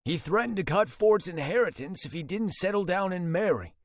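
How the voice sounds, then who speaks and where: A man's voice: high voice, expressive, a little fast, no echo, clean studio sound, voice pushed up. A male audiobook narrator voicing a smug adult brother who answers in a defensive, self-justifying way.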